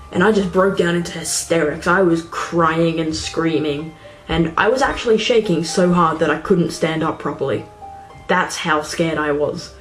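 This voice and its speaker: A woman vlogger telling personal stories in an animated, expressive way. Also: on the low side. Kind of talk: storytelling vlog. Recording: roomy echo with faint music.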